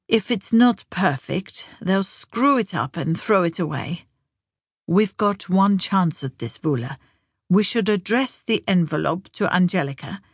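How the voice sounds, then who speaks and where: A woman voicing a frail, blunt ninety-year-old grandmother who speaks flatly and deliberately. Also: on the low side, gravelly, breathy edge, no room sound, studio quality, full character voice. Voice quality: flat, slow, deliberate.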